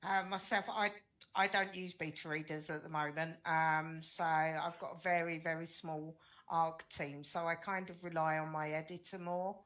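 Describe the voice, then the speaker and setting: A woman's voice: sits low, flat delivery, normal speed, fairly bright tone. A woman guest author on a video call, speaking modestly and hesitantly with many fillers. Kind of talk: casual panel discussion.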